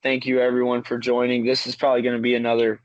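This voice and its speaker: A man's voice: mid-range voice, monotone, quick pace, no echo, lo-fi sound. A young man co-hosting a casual comedy podcast, laughing often and swearing casually. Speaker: podcast co-host.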